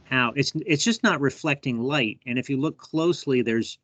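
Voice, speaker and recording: A man hosts a live bee workshop over a video call, chatting and thinking aloud as he shows specimens to teach the group. His voice is medium-pitched and a bit bright, at a moderate pace. The video call audio sounds dull and dry.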